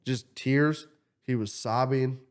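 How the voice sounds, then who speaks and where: Male podcast host, lively storyteller who swears a lot and voices his characters. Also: medium pitch, takes it slowly, clean tone. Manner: animated, swears freely, acts out quotes. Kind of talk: casual storytelling chat.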